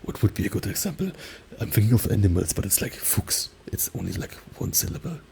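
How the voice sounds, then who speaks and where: A man talking softly and slipping into whispers in a soft-spoken ASMR video, often padding with "like" as he explains. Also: lowish voice, very animated, fairly quick, creaky, slight background noise. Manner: alternates soft talking and whispers, many "like" fillers. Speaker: ASMR creator. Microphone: binaural mic.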